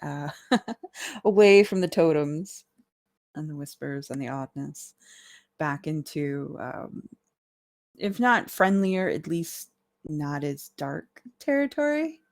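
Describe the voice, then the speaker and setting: Slow, gravelly-voiced woman narrating a game. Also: sits low. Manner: relaxed, laughs often, meandering. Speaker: dungeon master.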